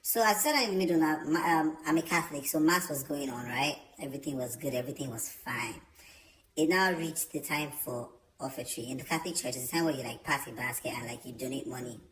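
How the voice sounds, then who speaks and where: A man's voice: medium pitch, quick pace. Chatty young man. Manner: chatty, animated, many fillers. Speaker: vlogger. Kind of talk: storytime vlog. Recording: roomy echo.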